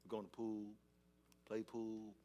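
A man's voice: on the low side, measured pace. A male pastor preaching a sermon, telling stories with acted-out scenes, often repeating and restarting his words. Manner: animated storytelling, acts out scenes.

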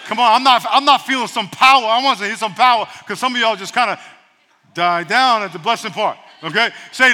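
A man preaching a sermon as a pastor, lively and humorous, leading the congregation in call-and-response. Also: high voice, fairly quick, in a large hall.

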